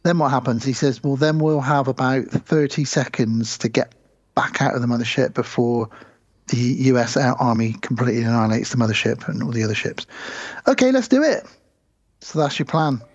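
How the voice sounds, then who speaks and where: A man's voice: medium pitch, steady tone, brisk, breathy edge, no echo. An English man co-hosting a podcast, telling stories in a wry, rambling way. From England. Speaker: podcast co-host. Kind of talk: casual chat. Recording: dull lo-fi sound.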